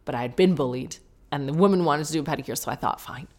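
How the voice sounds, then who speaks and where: A woman's voice: deep voice, racing. British woman telling a comic story. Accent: British English. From Britain. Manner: animated, self-mocking, comic storytelling. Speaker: podcast host. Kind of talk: solo podcast storytelling.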